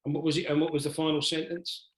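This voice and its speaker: A man's voice: a little high, flat delivery, fast talker. A man hosting an interview podcast, sympathetic, repeating himself and trailing off as he reacts. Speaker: podcast host. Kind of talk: interview conversation. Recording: roomy echo.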